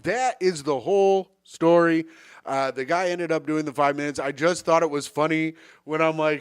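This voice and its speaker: A man's voice: on the high side, fairly even intonation, moderate pace, clean tone, no echo, clean studio sound. A man co-hosting a comedy podcast, telling a rambling, joking story in casual chat. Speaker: podcast co-host.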